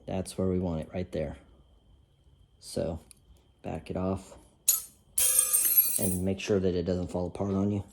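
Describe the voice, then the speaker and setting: With a low, fairly flat voice, a DIY car mechanic host talks through a repair while he works, speaking a little slowly with vocal fry and long pauses. His casual how-to narration is sprinkled with self-deprecating jokes, and background noise is audible.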